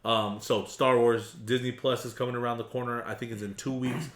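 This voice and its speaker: A man's voice: mid-range voice, brisk. Casual male podcast host, echoey room. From Arizona. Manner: animated, laughs often, puts on silly voices. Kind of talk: casual chat.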